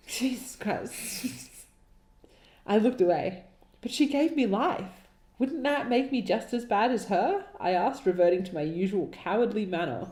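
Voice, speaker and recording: A woman with an animated, mid-range, slightly mellow voice takes her time as she reads old writing aloud on a podcast she co-hosts. She mocks it throughout with exasperated laughs and sarcastic asides, and the audio carries a roomy echo.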